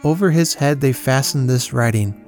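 A man reading a children's Bible story aloud, measured and solemn. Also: mid-range voice, a little mellow. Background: faint guitar music.

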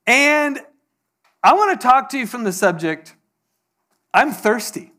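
High-voiced man preaching a casual sermon. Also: unhurried, pauses often. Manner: conversational storytelling, animated quoted voices. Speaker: pastor.

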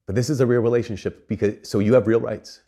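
A man preaching a sermon in an earnest, animated way, telling a story and slipping in casual asides, often repeating and restarting his phrases. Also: mid-range voice, fast.

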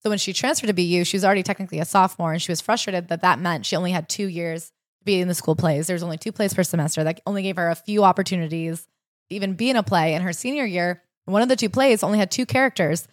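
Fast-talking woman podcast co-host. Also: on the low side, no room sound, studio quality. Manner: animated storytelling, acts out quoted voices. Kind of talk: casual chat.

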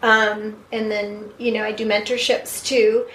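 A woman's voice: mid-range voice, little pitch movement, unhurried, fairly bright tone, a little hiss or hum. Chatty woman guest in an echoey room. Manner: chatty, many fillers, laughs often. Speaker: guest medium. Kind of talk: casual podcast chat.

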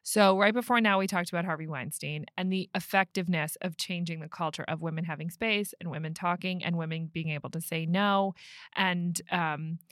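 A woman hosting a podcast in a casual chat, talkative and quick to laugh, often restarting her sentences. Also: on the low side, fairly even intonation, a bit bright, dry recording, studio quality. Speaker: podcast host.

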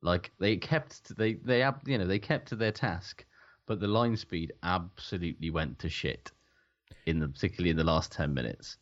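Male rugby pundit, very deep voice, blunt and sweary, slightly muffled recording. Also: moderate pace. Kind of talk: casual sports podcast chat.

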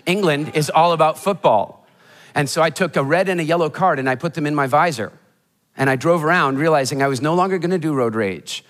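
A motivational speaker telling funny stories in a keynote talk before a live audience, animated and acting out the voices of people in his stories. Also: fairly high pitch, a little fast. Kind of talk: humorous storytelling keynote talk. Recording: hall reverb of a live talk.

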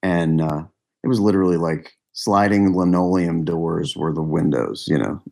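A man with a very deep voice tells a meandering story in relaxed interview chat. He laughs often and circles back on his own sentences. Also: moderate pace, gravelly. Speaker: musician guest.

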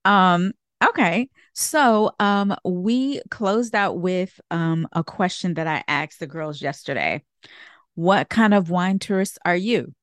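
A woman's voice: on the low side, lively intonation, slow, fairly bright tone, no room sound, studio quality. Chatty woman hosting a podcast. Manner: chatty, laughs often, asks questions. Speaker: podcast host. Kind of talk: casual podcast chat.

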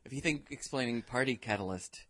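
A man's voice: medium pitch, brisk, fairly bright tone, a little hiss or hum. A middle-aged man hosting a podcast interview, asking friendly, teasing questions. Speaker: podcast host.

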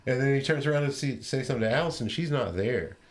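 A man in a relaxed podcast chat, walking through a movie scene by scene. He talks loosely, swears freely and laughs at his own retelling. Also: medium pitch, fast talker. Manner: laid-back storytelling, swearing and laughing. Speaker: podcast co-host recapping a movie.

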